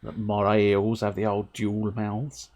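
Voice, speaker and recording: The delivery is completely flat, a little slow and a little mellow, in a voice on the low side. A young man streaming a game rambles and chats to his viewers, self-amused, now and then singing jokey lines, with game music faintly audible.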